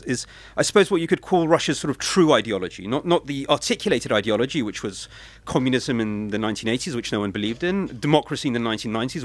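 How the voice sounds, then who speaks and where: A man's voice: medium pitch, fairly bright tone, dry recording. Guy in his 40s talking about his book, lots of ums and restarts, dry close sound. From Britain. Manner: hesitant, thoughtful, many fillers and restarts. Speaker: author giving a book talk. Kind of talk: talk with readings from his book.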